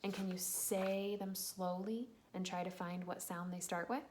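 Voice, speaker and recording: A woman teacher giving a slow, patient phonics lesson to young children, sounding out letters and cheering them on. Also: fairly low pitch, fairly even intonation, a little mellow, a little hiss or hum.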